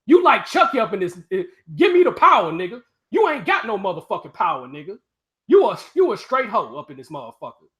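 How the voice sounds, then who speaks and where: Lively, taunting man ranting. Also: high voice, fairly quick. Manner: profane, taunting rant at a viewer. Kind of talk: casual live-stream talk.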